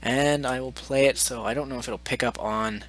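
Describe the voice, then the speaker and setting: A man's voice: medium pitch, fairly even intonation, normal speed, fairly bright tone, a little hiss or hum. A man hosting a gaming channel, giving mocking, exasperated commentary on messages he has received.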